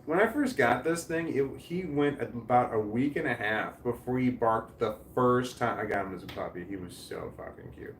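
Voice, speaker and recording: A middle-aged man rambles through his live chat comments, cursing casually and restarting his sentences. His voice sits at a mid pitch. The room gives it a noticeable echo, with faint noise underneath. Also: normal speed, few pauses.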